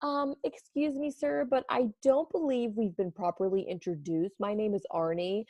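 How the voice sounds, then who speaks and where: A woman voicing a fussy, proud male doughnut who is prim and polite and turns shrill when alarmed. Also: animated, moderate pace, darkish tone, no echo. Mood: sugary polite.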